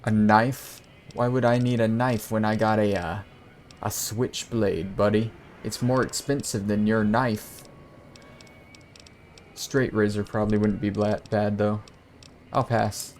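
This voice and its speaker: A man's voice: fairly low pitch, fairly even intonation, a little slow, a little mellow, slight background noise. A man commentating a video game playthrough casually, with crude jokes and swearing. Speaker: gaming host. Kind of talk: let's play commentary.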